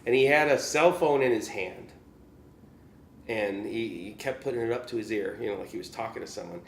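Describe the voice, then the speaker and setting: A man's voice: medium pitch, fairly quick, a little hiss or hum. Rambling man telling stories in a roomy space. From Chicago area, US. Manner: rambling, many "you know" fillers, chuckles often. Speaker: guest musician. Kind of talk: casual storytelling. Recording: roomy echo.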